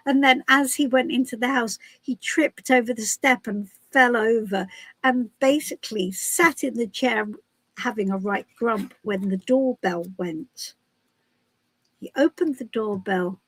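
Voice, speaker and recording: A woman's voice: fairly high pitch, unhurried, breathy edge, no room sound, rough recording. A woman from the UK hosting a casual live stream as a tarot reader, chatty and giggly with many restarts. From United Kingdom.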